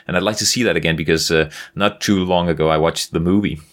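A man co-hosting a podcast, chatting in a relaxed, hesitant way about retro games. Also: deep voice, fast. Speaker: podcast co-host.

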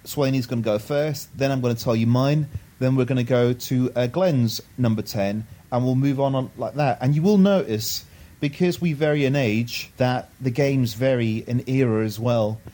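A man's voice: medium pitch, moderate pace, dark tone. A man co-hosting a casual podcast about retro games, upbeat and steering the talk. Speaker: podcast co-host. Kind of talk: casual retro gaming chat.

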